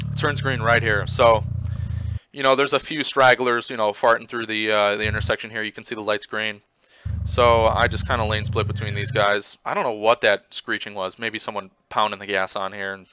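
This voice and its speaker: A man casually commenting on his own motorcycle footage, rambling with lots of fillers and getting excited as he retells it. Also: fairly low pitch, normal speed, background noise. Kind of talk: casual commentary over video.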